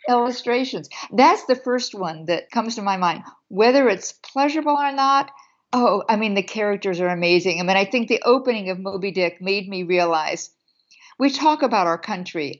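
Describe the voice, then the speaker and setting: A woman's voice: medium pitch, animated, normal speed, lo-fi sound. A woman in her seventies, chatting as an interview guest in a witty, laughing manner. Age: 70s. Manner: warm, witty, laughs often. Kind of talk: casual interview chat.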